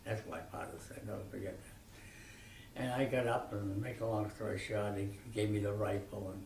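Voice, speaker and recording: A man in his nineties telling rambling, animated stories from his youth, with many restarts, recorded from a distance. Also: on the low side, normal speed, gravelly. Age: 90s. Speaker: interviewee. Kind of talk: reminiscing storytelling. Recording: echoey room from far off, faint noise.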